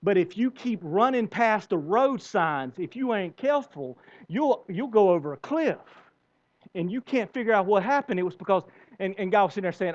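A man's voice: sits high, animated, moderate pace, muffled recording. A man preaching a sermon as pastor, emphatic, with rising bursts and repeated words.

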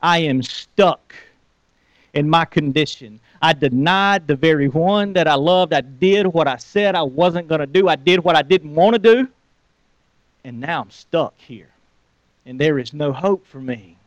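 A man's voice: on the high side, a little slow, dry recording, highs cut off, natural voice. A man voicing an impulsive, devoted male disciple in a sermon retelling, speaking in an earnest, pleading way. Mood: despairing.

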